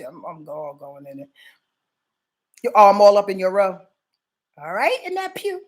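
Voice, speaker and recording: A woman's voice: medium pitch, normal speed, long pauses. A woman from Yonkers, New York, giving a casual astrology forecast. She swears freely and keeps checking that viewers are following her. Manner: profane, animated, addresses viewers directly.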